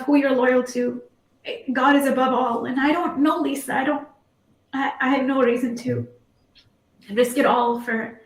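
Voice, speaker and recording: Female interviewee, emotional and near tears, slightly high voice, roomy recording. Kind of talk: emotional testimony. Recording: roomy echo.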